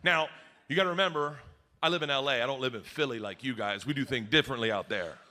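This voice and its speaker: A middle-aged man doing stand-up storytelling on a live stage, loud and laughing. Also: mid-range voice, fast. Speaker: stand-up comedian. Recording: noisy live comedy stage.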